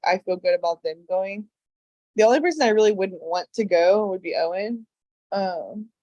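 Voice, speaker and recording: Young woman rambling slowly through a confessional, lots of "like", dry sound. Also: medium pitch, darkish tone, no room sound. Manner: hesitant, many fillers. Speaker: game contestant. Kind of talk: casual confessional interview.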